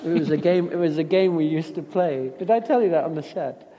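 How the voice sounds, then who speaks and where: Reflective man with a mellow voice. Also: on the high side, animated, a little fast, big-room sound. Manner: reflective, rambling, frequent restarts. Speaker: actor. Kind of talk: casual interview talk.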